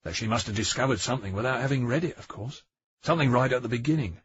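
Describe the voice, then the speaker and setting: Guy reading as a careful detective laying it all out, husky voice, dull dry sound. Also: mid-range voice, dry recording. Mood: explaining. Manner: deliberate, emphatic, reasoning. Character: patient, methodical male police detective. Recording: dry, dull audiobook recording.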